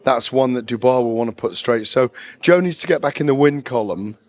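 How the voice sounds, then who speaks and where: A man's voice: medium pitch, brisk. A man as a boxing journalist guest, talking in a knowledgeable, discursive and self-deprecating way in a casual interview at a press conference.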